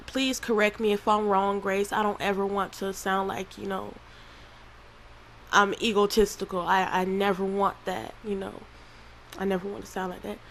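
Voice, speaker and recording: A woman with a Southern country accent, crying through a halting, emotional confessional vlog with many restarts. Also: mid-range voice, a bit bright, a little hiss or hum, poor audio. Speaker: channel creator.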